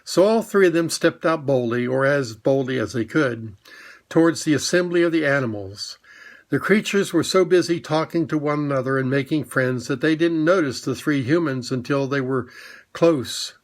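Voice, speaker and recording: A man narrating a children's story in a measured, even storytelling manner. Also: medium pitch. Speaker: audiobook narrator. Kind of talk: storybook reading.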